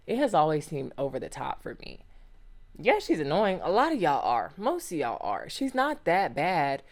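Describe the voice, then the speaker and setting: A woman hosting a solo podcast, talking casually and animatedly with slang and lots of exclamations and rhetorical questions. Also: sits low. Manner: slangy and conversational. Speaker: podcast host.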